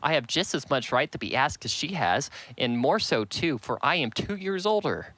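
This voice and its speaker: A man's voice: medium pitch, animated, moderate pace, sharp tone, dry recording, voice pushed up. A man voicing a peevish jealous teenage girl. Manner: peevish, complaining.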